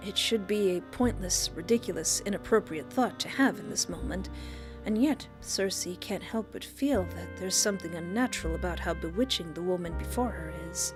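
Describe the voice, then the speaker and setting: Excitable woman reading a visual novel aloud. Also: lowish voice, normal speed. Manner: excitable, gushing asides. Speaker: streamer. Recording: background game music.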